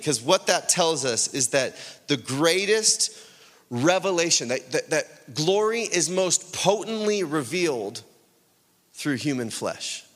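A man with a slightly higher voice preaching to a congregation, animated and storytelling, slipping into voices for the people in his anecdotes. His words ring out with a long reverb, as in a big church hall. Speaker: pastor. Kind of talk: sermon.

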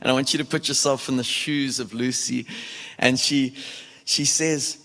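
A man preaching a lively sermon in a church, breaking into loud laughter and shouts as he urges the congregation on. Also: medium pitch, normal speed. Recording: echoey church hall.

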